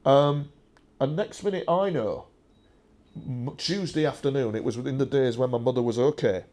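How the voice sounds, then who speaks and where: A man's voice: mid-range voice, moderate pace, warm tone. A man giving a rambling, emphatic first-person talk with slides, full of restarts and filler sounds. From England. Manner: emphatic and digressive, with frequent uh and restarts. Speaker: speaker presenting a talk with slides.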